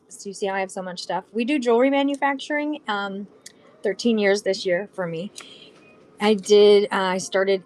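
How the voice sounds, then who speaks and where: Chatty bubbly Southern California woman. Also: medium pitch. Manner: chatty, bubbly, talks to viewers. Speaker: live shopping seller. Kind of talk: casual live-stream selling chat.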